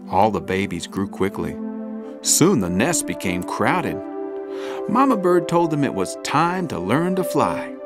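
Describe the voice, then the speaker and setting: Male storyteller, children's storybook narration, unhurried, very animated pitch, expressive, music underneath. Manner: expressive, gently dramatic. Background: background music.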